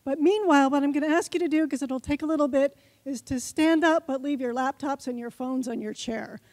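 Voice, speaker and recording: High-voiced woman giving a talk. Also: a little fast, a little mellow, dry recording. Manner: chatty, coaxing, speaks straight to the audience. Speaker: conference speaker. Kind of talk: short timed conference talk leading an audience exercise. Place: conference stage before a live audience.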